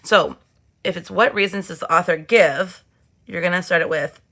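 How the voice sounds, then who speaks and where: A woman's voice: lowish voice, moderate pace, sharp tone. A woman teacher talking her students through a reading question in a casual, encouraging way. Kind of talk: classroom lesson recording.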